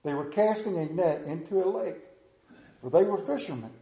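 In a reverberant room, a man delivers a sermon with mounting emotion, his high voice swinging widely up and down. Carried away, he halts, stumbles and repeats words. His tone is animated, creaky and warm.

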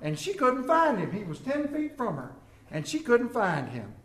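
A man's voice: very high-pitched, huge pitch swings, normal speed, echoey room. A middle-aged man preaching a humorous sermon to a congregation, telling family stories with jokes and asides. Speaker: pastor. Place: church sanctuary.

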